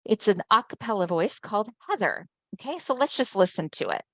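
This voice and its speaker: A woman's voice: medium pitch, expressive, a little fast, pushed and bright, no room sound. Chatty woman presenting a webinar. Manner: conversational, often checks in with listeners. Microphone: video call mic.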